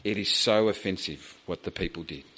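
Low-ish guy preaching in church, gets animated, voice climbs when acting out the pleas. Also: moderate pace, breathy edge. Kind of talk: sermon.

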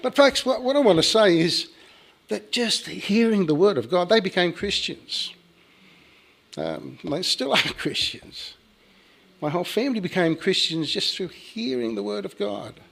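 A man's voice: high-pitched, expressive, measured pace, creaky, fairly bright tone. A male pastor preaching a sermon in a folksy way, often calling his listeners folks and chuckling.

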